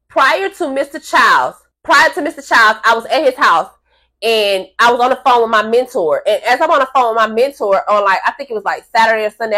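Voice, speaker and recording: Animated, swearing woman telling a story. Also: on the high side. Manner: animated, profane, acts out the people in her story. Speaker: vlogger telling a story to camera. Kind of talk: casual storytime monologue.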